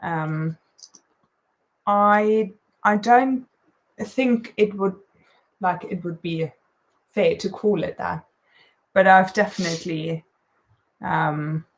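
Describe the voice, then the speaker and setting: A woman's voice: mid-range voice, slow, pauses often. A woman chatting as a guest, thoughtful and hesitant, with a sarcastic streak. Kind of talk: casual chat.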